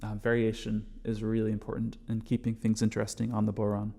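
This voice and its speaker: A man teaching a bodhrán class, patiently explaining strokes step by step and calling them out loudly as he plays. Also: lowish voice, monotone, fast, gravelly, music in the background. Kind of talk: music lesson, counting along with drumming.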